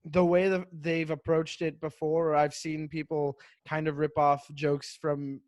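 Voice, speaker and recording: Comedian guest, male, slightly high voice, dry close home mic, quick joking storyteller. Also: little pitch movement, darkish tone, dry recording. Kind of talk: casual chat. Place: home, remote. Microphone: home microphone, remote call.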